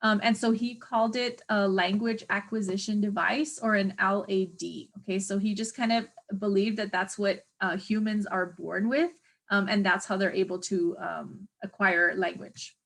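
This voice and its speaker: Woman instructor, mid-pitch, casual lecture delivery, filler-heavy, searches for words. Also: steady tone, normal speed, creaky, a bit bright. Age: adult parent of a young child. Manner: chatty, hesitant, many fillers, searches for words. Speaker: teacher educator. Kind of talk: exam review lecture.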